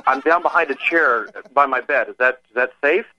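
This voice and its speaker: A man's voice: medium pitch, fairly quick, pushed and bright. A man on the receiving end of a prank phone call, panicked and stammering.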